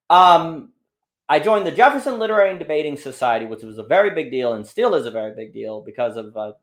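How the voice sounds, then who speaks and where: A man speaks as a conversation guest, his voice sitting a little high and swinging widely in pitch as he tells stories. He talks in loose, rambling runs, often restarting his sentences and tumbling into asides. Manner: animated, rambling storytelling with frequent restarts. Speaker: podcast guest. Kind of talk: casual conversation.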